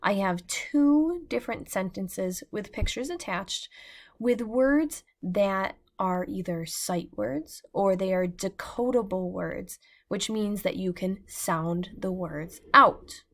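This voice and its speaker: A slow, unhurried American woman teaching phonics to young readers, her voice at an ordinary middle pitch. She sounds out each word piece by piece with patient care, as in a screen-shared lesson recorded on a computer mic. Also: a bit bright.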